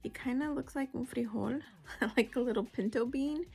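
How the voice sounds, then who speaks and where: A woman's voice: fairly high pitch, moderate pace, gravelly, a little mellow, breathy edge. A woman chatting casually in her home kitchen while she vlogs about crochet, with giggles and self-mocking asides. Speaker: crochet vlogger. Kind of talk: casual vlog chat.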